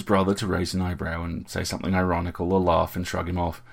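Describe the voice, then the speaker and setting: A man giving a steady, measured audiobook narration. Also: low voice, vocal fry.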